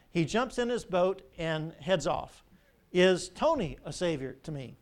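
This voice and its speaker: Older man, pastor, high voice, sermon, animated storytelling, rhetorical questions. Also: measured pace.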